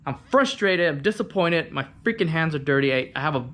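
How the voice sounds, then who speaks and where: A man's voice: fairly high pitch, lively intonation, fast, a bit bright. A man demonstrating a scooter repair in his garage, frustrated, with frequent restarts and mild swearing. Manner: frustrated, swears mildly, repeats himself. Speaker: scooter mechanic. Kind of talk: casual vlog demonstration. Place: home garage.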